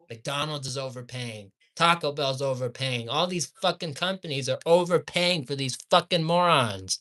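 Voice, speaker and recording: Cursing constantly, this fast food commentator rants, his voice veering from angry yelling to quiet grumbling.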